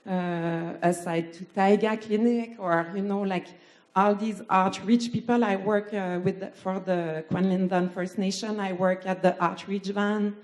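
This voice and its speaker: A woman who works as a nurse and outreach worker, asking a halting question at a conference in a slightly shaky voice. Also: medium pitch, steady tone, darkish tone. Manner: halting, many fillers, nervous.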